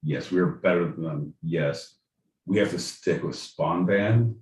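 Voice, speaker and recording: A man co-hosting a podcast, trading crude comedic banter and breaking into loud, goofy bits. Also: sits low, a little slow, recorded from a distance. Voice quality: loud, joking, swings into goofy shouted bits. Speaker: podcast co-host. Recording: echoey room with faint noise.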